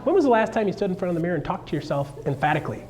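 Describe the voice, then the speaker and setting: A fairly high-voiced man runs a real estate seminar in an animated, joking way. He keeps asking the room questions and checking that people follow. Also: very fast, crowd noise. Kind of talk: live seminar talk.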